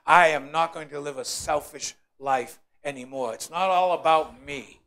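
A man with a high voice delivers a sermon from the pulpit of a church. He drops into quiet, low passages, then climbs into loud, ringing emphasis, sometimes slipping into the whiny voices of complainers he is describing. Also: moderate pace. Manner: preaching with rising shouted emphasis, acting out complainers. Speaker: pastor. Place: church sanctuary.

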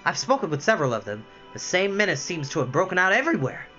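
A tiny top-hatted creature, chirpy and a touch condescending, chattering briskly and a little high, as a man puts it on for a storybook. The recording sounds slightly dull. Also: sing-song, sharp tone, soft background music, heavily acted. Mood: explaining.

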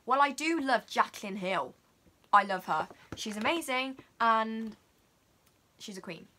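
A teenage girl, chatting excitedly and dramatically about her makeup haul. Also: on the high side, slight background noise. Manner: gushing, dramatic, fast-talking. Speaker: beauty vlogger.

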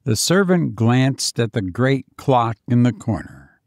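A man narrating an audiobook story in a measured, expressive way. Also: medium pitch, no room sound, clean studio sound.

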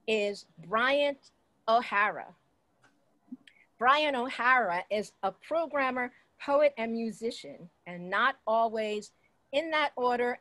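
Slow, measured woman hosting. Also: fairly high pitch, a bit bright, dry recording, low-quality recording. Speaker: host of the reading. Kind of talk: event introduction.

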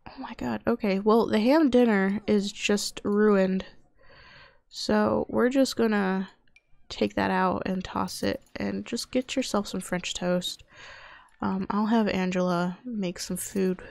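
A young gaming YouTuber gives casual let's-play commentary, talking to her characters and muttering to herself as she plays. Her voice is mid-range, creaky and darkish, with no echo.

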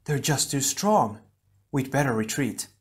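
A man's voice: medium pitch, lively intonation, unhurried, lightly acted. A man voicing a female water hero, speaking in a lightly raised voice. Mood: worried.

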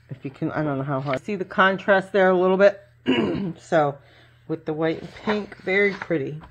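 Middle-aged woman, lowish voice, gushing home crafter, chatty show-and-tell, faint hiss behind. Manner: chatty and gushing, lots of fillers. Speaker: craft vlogger. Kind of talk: casual unboxing show-and-tell.

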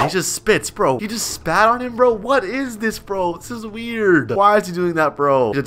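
Excitable young man with a bright voice. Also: on the high side, quick pace, hardly any pauses, slight background noise. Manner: excitable, repeats words, says "bro" a lot. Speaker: gaming YouTuber. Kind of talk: casual game commentary, reading chat aloud.

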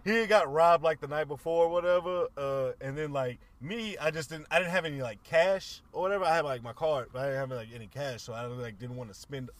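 Slangy storytelling podcast guy, slightly high voice. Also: fairly quick, few pauses. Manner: loose storytelling full of slang and swearing. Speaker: podcast co-host. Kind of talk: casual chat.

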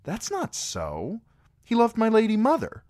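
A man voicing a fierce, quick-tempered young noble girl in a storybook reading, blunt and demanding. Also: medium pitch, huge pitch swings, no room sound, clean studio sound, voice pushed up, full character voice.

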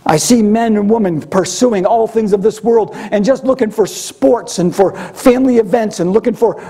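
This preacher's sermon unfolds conversationally, like a story. His voice is high for a man but mellow and a touch husky, and he often slips into the voices of the people he quotes.

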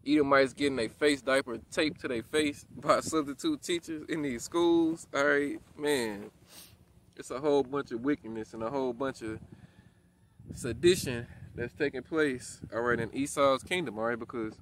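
A man's voice: medium pitch, moderate pace, poor audio. A man preaching outdoors to a self-filmed camera, reading scripture in old formal wording and checking in with "all right?" after nearly every point. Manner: peppers talk with "all right?" and "you know what I'm saying". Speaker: street preacher. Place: outdoors in a rural spot. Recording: loud wind noise outdoors.

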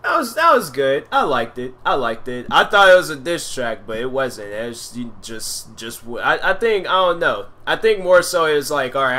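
A man's voice: mid-range voice, sharp tone. A man hosting a reaction video, giving casual, rambling commentary full of "like" and restarts.

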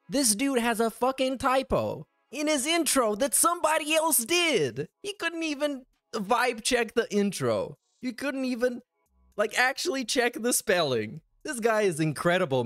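A man's voice: high voice, dry recording, clean studio sound. A man hosting a casual commentary show, talking in a sarcastic, mocking way. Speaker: host.

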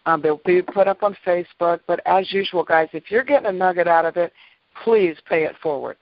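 A woman's voice: lowish voice, brisk, no echo. A middle-aged woman hosts a faith-based teaching series and tells personal stories in an emphatic, chatty way. She often repeats words and laughs between them. The recording is dull and lo-fi, with no room sound at all. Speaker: host of a weekly faith-based dream series. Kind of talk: personal storytelling in a devotional talk.

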